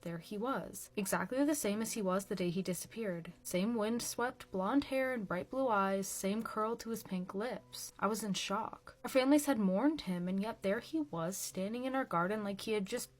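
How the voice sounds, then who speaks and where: A woman hosting a horror story channel, calmly narrating a scripted creepypasta. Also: medium pitch, moderate pace, few pauses.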